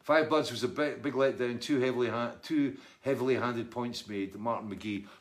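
A man's voice: mid-range voice, moderate pace. A middle-aged Scottish man and musician, chatting casually and wryly as he reads out and answers viewer comments. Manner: rambling, chatty, wry. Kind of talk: casual live chat reading comments.

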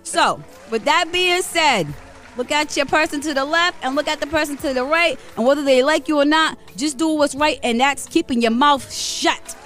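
Faint music sits under this morning radio co-host, a woman in her forties from Rhode Island. Her voice is high-pitched and a bit bright at a moderate pace, and her casual talk comes across as blunt, fiery and preachy.

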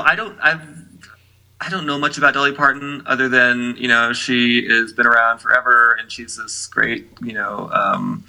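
A man with a very bright, sharp voice co-hosting a music podcast. He chats loosely and circles around his point with fillers. His pitch sits in the middle range. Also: gravelly, rough recording. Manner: chatty, lots of fillers and restarts. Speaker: podcast co-host. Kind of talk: casual chat.

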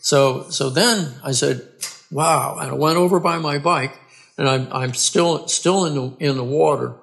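A man, a podcast guest, earnestly telling his own story in a halting way, restarting and repeating words. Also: on the high side, vocal fry, a bit bright. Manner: earnest and plain-spoken. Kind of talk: conversational storytelling.

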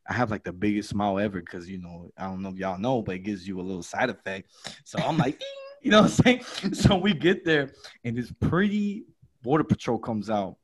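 A man hosting a podcast tells a comedy story in lively, animated chat, acting out the quoted voices with big jumps in pitch.

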